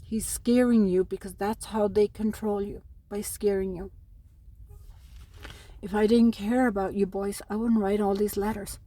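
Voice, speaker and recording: A woman's voice: mid-range voice, steady tone, measured pace, mellow, no room sound. A middle-aged Irish woman from Ireland, making an emotional plea straight to camera, aggrieved and pleading as she talks to her sons. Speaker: mother speaking to camera about custody. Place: at home in New Mexico.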